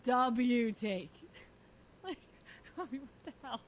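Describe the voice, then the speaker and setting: A young woman casually telling a story on stream, giggling often and quoting people in lively voices. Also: high voice, slow. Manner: chatty, giggly, quotes people in animated voices.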